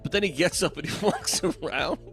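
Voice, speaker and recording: A man's voice: fairly high pitch, fairly quick, fairly bright tone, faint music behind. A man co-hosting a podcast, making wry, joking remarks in casual chat. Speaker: podcast co-host.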